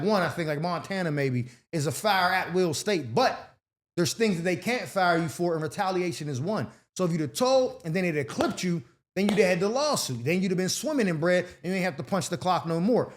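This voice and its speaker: A man hosting an advice show, reading viewer letters and answering with blunt, slangy, streetwise commentary in a casual chat style. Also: sits high.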